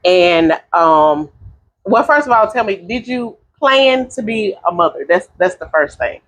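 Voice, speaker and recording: A woman's voice: medium pitch, expressive, measured pace. A woman hosting a podcast, in a chatty, encouraging way, with many fillers. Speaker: podcast host. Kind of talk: casual chat.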